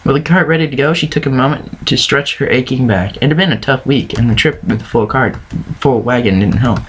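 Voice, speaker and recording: A man's voice: mid-range voice, fairly quick, a little hiss or hum, low-quality recording. A man reading fan fiction aloud, often stumbling over words and correcting himself. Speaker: reader.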